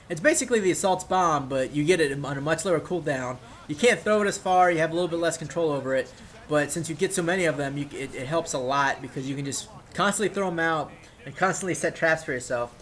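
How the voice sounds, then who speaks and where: High-voiced man rambling over gameplay. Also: a little fast. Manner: rambling, excitable, swears freely. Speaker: gameplay commentator. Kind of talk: casual gameplay commentary.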